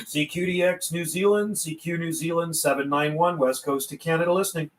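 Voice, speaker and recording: A man running a CB radio livestream, calling out call signs in a steady rhythm between casual chat. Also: a little high, a little fast. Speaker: CB radio operator and livestream host. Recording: radio static and hiss in the background.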